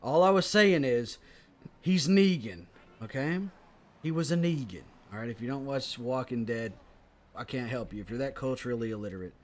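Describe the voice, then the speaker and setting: A man co-hosting a casual comedy podcast, riffing in loud, profane rants. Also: medium pitch, animated, normal speed. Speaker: podcast co-host.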